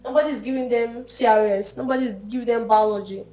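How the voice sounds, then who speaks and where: A woman's voice: fairly high pitch, fast, reverberant, faint music behind, low-quality recording. A young woman, a banking and finance student, talking casually and telling stories in a group discussion. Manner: chatty, storytelling, animated.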